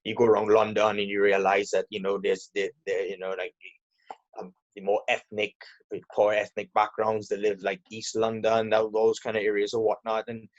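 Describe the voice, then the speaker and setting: An air force electrical technician speaks as an interview guest, casual and hesitant, often repeating words while he gathers his thoughts. His voice is fairly low with a completely flat delivery at a moderate pace, and the highs are cut off.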